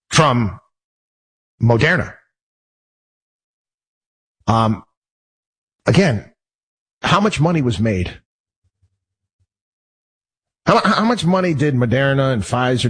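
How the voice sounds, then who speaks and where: A man's voice: medium pitch, a bit bright, breathy edge, low-quality recording. A man hosting his own show, talking in a heated, rambling monologue full of restarts and repeated phrases. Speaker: show host. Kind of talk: personal monologue.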